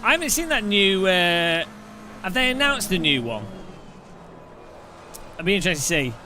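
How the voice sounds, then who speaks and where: A man's voice: high voice, big pitch swings, normal speed, pushed and bright, a little hiss or hum. A man chatting casually on a live stream, rambling and jokey, laughing often.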